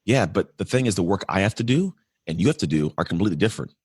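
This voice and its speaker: A low, expressive voice, a little mellow with a breathy edge, comes through in studio quality with no room sound. It belongs to a man in his forties from California who, as a podcast guest, reflects earnestly on his life, talking fast and restarting often.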